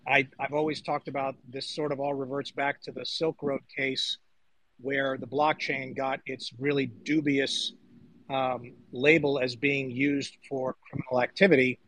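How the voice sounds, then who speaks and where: A man's voice: medium pitch, level tone, a little slow, fairly bright tone, low-quality recording. A man co-hosting a casual panel discussion, conversational as he leads and brings in guests. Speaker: podcast co-host.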